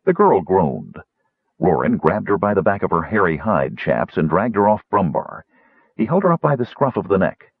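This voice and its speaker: A man narrating an audiobook in a husky voice with a very varied delivery, on a dull lo-fi recording. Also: low voice, very animated, normal speed, dry recording. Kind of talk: scripted narration.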